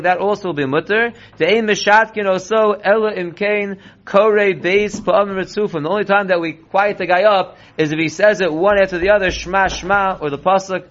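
A rabbi teaching a line-by-line text study lesson, reading Hebrew slowly and then explaining it in quick English. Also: male voice, high voice, fairly bright tone. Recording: dull lo-fi recording.

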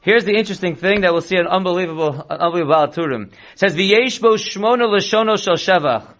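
A rabbi teaching a text-based Torah class, reading Hebrew and Aramaic slowly, then explaining it quickly in English. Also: male voice, high voice, animated, fairly bright tone. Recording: dull lo-fi recording.

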